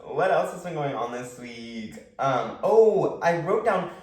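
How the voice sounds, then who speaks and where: A man co-hosting a casual podcast, talking in a gushing, animated way and leaning heavily on "like.". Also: a little high, measured pace, recorded from a distance. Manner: gushing, animated, heavy "like" filler. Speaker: podcast co-host. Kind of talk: casual chat. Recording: roomy echo, away from mic.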